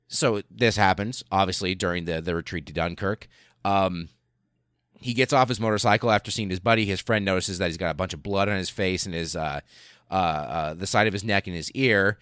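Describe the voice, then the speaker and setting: A low-voiced man hosts a podcast, telling history in a loose, profane, animated way. His voice sits deep, and the recording is close and dry with no room sound. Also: brisk, smooth, no echo. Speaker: podcast host. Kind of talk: casual history storytelling.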